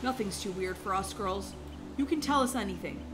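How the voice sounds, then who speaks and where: A woman voicing a kind, caring adoptive dad in a game role-play, speaking gently and reassuringly. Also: medium pitch, moderate pace, pitched below the performer's own voice, natural voice. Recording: loud background game music.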